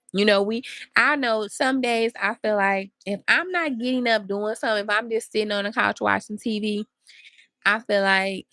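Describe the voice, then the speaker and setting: A woman's voice: mid-range voice, fairly bright tone, dry recording. A woman hosting a podcast, giving earnest, encouraging advice straight to her listeners. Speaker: podcast host. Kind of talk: motivational talk.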